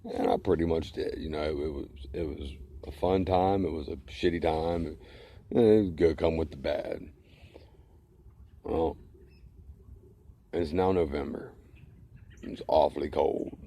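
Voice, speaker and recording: A man's voice: rumbling low, steady tone, unhurried, creaky, pauses often, dark tone. A middle-aged man ranting to camera in a blunt, heated, profane way. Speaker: vlogger. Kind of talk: angry casual rant to camera.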